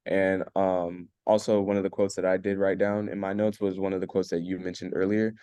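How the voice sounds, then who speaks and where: Deep-voiced hesitant young man. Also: little pitch movement, fairly quick, dark tone, clean tone, dry recording. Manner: hesitant, many fillers. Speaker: student. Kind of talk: class discussion comment.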